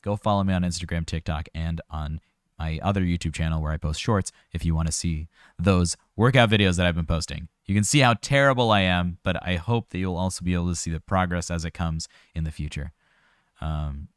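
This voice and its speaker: A man's voice: low voice, a little fast, clear, resonant tone, no room sound, clean studio sound. A man working as a vocal coach, giving casual, explanatory reaction commentary and sometimes laughing at his own jokes.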